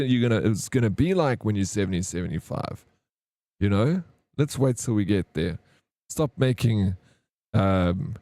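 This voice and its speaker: A man's voice: medium pitch, darkish tone, no room sound. A man chats loosely with his live-stream viewers. He drifts from story to story, dropping "bro" all the time. His voice sits mid-range and sounds dry, with no room around it. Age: 30s. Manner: rambling storyteller, slangy, says "bro" often.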